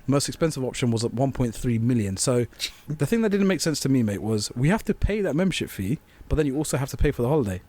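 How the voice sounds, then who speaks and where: A man's voice: mid-range voice, big pitch swings, fast, few pauses, warm tone. A young man co-hosting a podcast, telling a story in casual chat with swearing and bursts of laughter. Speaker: podcast co-host.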